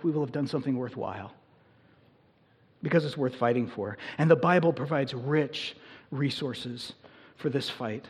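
A man's voice: fairly high pitch, darkish tone, slightly rough. A man preaching a sermon to his congregation in a church, in an earnest, conversational manner that builds in intensity. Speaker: pastor. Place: church sanctuary.

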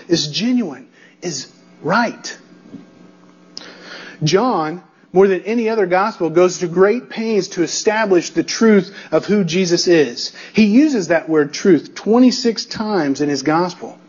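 A man's voice: high voice, animated, takes it slowly, husky, muffled recording. A male pastor preaching an expository sermon, emphatic and building through repetition, checking in with the congregation.

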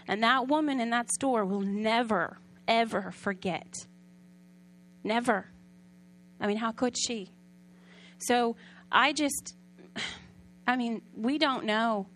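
A woman preaching a sermon in a conversational storytelling way, often asking the audience questions and sometimes dropping soft and quiet. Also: a little high, a little hiss or hum.

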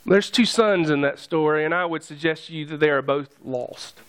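A man's voice: on the high side, normal speed, a bit bright, slight background noise. A man preaching a sermon, conversational and joking with his congregation. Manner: conversational, jokey asides to the congregation. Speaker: pastor.

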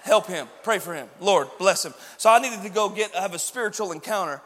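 A man preaches a storytelling sermon, his voice pitched high and bright for a man. He swings from quiet, confiding asides to loud, driving emphasis. A long reverb rings around him in a large church hall. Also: a little fast. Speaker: pastor.

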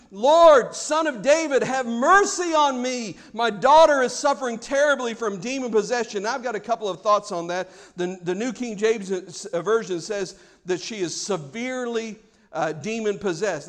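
A male pastor with a strikingly high voice delivers a sermon. He acts out pleas loudly, then drops to a near hush for emphasis. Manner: dramatic, acts out quoted pleas, swings from loud to hushed.

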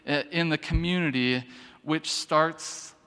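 Pastor guy giving a sermon, kinda high smooth voice, restarts a lot, big echoey church. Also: slow pace, pushed and bright. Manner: conversational, frequent restarts and asides while reading scripture. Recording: long church reverb.

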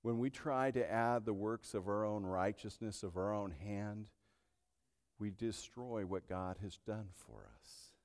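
A male pastor preaching an impassioned sermon, swinging between hushed and loud delivery. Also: on the low side, unhurried, smooth. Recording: long hall reverb.

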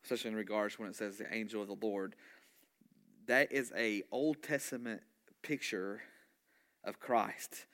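A male pastor preaching a sermon in an animated way, often restarting phrases and asking his congregation questions. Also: on the low side, moderate pace, long pauses. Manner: animated, with frequent restarts and repeated words; asks the congregation rhetorical questions and call-and-response.

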